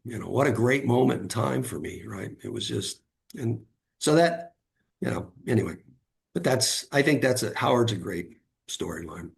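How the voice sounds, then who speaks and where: Gravelly man telling stories. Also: lowish voice, expressive, moderate pace. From California. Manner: anecdotal, acts out quoted voices, frequent fillers. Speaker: guest author. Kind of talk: storytelling interview.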